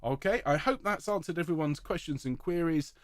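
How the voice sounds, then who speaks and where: A man directing a choir rehearsal, giving clear, encouraging instructions and singing out rhythms to demonstrate them. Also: a little high, a little fast, no room sound, clean studio sound.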